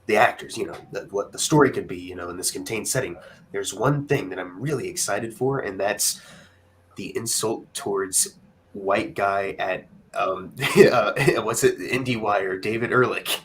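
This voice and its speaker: A young man with a very low voice rambles casually about upcoming films, circling back through restarts. Faint noise sits under the recording. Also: normal speed, a bit bright, rough recording. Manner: rambling, full of fillers and restarts. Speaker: co-host. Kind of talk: casual film chat.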